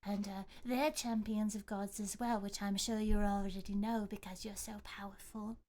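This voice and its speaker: A woman's voice: medium pitch, level tone, normal speed, darkish tone, slight background noise, natural voice. Woman voicing a chatty, cheerful young woman. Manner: rambling and upbeat.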